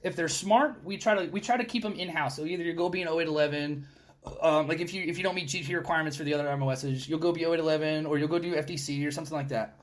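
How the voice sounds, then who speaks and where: A man who is a guest on a podcast, a Marine instructor, telling stories in a rambling, animated and heavily profane way, with frequent restarts. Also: on the high side, racing. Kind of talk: casual storytelling chat.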